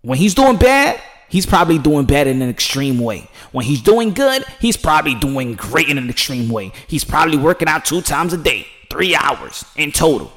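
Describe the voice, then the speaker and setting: A man giving passionate, preachy commentary in a vlog, swinging from hushed to loud and emphatic. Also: on the high side, big pitch swings, moderate pace, hardly any pauses. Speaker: commentary vlogger.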